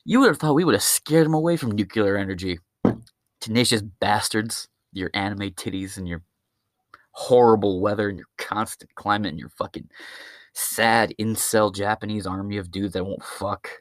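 A man's voice: lowish voice, normal speed, no room sound, clean studio sound. A man hosting his own podcast, delivering a crude, profane, rambling stand-up style rant. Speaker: podcast host.

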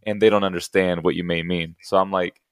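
A young man co-hosting a podcast in casual chat, telling animated stories and acting out the people he quotes. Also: sits low, a little fast, clear, resonant tone, dry recording, clean studio sound. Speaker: podcast co-host.

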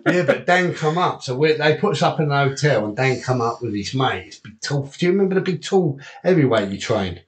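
A man, speaking at a middling pitch, tells rough boxing stories in a loose, chatty interview. He swears freely and laughs as he goes. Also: animated, brisk, hardly any pauses, a little hiss or hum. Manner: swears often, laughs through anecdotes. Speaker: guest, unlicensed boxer and promoter. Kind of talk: casual storytelling interview.

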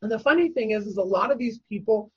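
A woman telling a personal story as a guest, animated and full of fillers, acting out other people's voices. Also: on the high side, fast, breathy edge, dry recording, highs cut off. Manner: animated, acts out quoted voices, many fillers.

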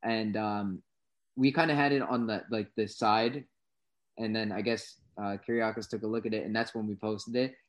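A man's voice: on the low side, steady tone, moderate pace. A young man co-hosting a casual podcast, telling work stories and acting out his own reactions with animation. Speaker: co-host.

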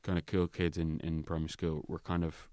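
A deep-voiced Irish man talks quickly through a rambling story, leaning on "like" and dropping swear words as he goes. He recounts it with plenty of animation, his voice close and dry with no room sound around it. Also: no echo. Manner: rambling, frequent swearing and filler "like"; animated retelling with voiced quotes. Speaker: guest. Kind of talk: casual storytelling chat.

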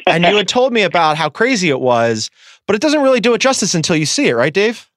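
A man's voice: high-pitched, sing-song, fairly bright tone, no room sound, studio quality. Chatty male sports podcast host. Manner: chatty, laughs easily, quick asides. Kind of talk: casual sports podcast chat. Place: studio.

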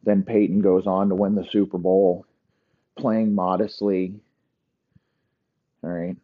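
A man spinning an improvised comic story, profane and rambling, who keeps checking in with his listeners. His voice is somewhat husky, and the recording is dull and lo-fi. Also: low-pitched, flat delivery, slow pace. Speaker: comedian telling a story.

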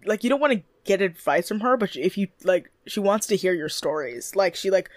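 Lively-voiced woman recapping casually. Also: mid-range voice, brisk, no echo. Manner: chatty, swears, laughs, acts out quotes. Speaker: podcast co-host.

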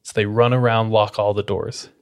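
A man with a somewhat low voice tells a story on his podcast. He keeps it loose and casual, peppering the telling with "like" and quick restarts. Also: little pitch movement, clear, resonant tone. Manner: casual, filler-heavy retelling with frequent "like". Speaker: podcast host.

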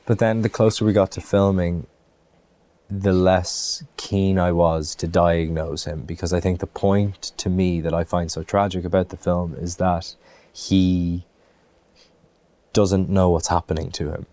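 A man's voice: deep voice, steady tone, unhurried, dark tone. A man from Ireland, an actor, answering interview questions in a thoughtful way, with many restarts and fillers.

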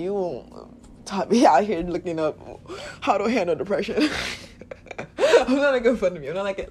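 A woman from Nigeria hosting a podcast, talking in a casual, candid, profane way, laughing often and leading affirmations. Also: medium pitch. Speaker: podcast host. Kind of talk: casual spiritual podcast monologue.

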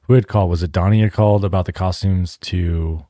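A man with a low voice chats on a podcast in a loose, hedging way. He qualifies what he says, cracks jokes and throws in a curse now and then. The sound is dry and close to the mic. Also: steady tone, a little fast, dark tone, no echo. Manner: hedging, jokey, swears casually. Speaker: podcast co-host. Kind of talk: casual episode recap.

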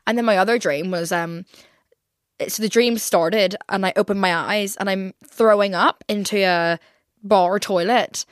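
A woman's voice: mid-range voice, steady tone, unhurried, dry recording. Young woman, English accent, twenties, casual rambling chat, dry close-miked room. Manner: rambling, heavy use of "like". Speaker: podcast host.

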